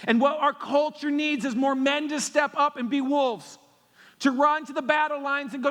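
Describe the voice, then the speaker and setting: Pastor, male, very high pitched, punchy sermon cadence, long church reverb. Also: fairly even intonation, fairly bright tone. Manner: emphatic, repetitive preaching with quick jokes. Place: church sanctuary.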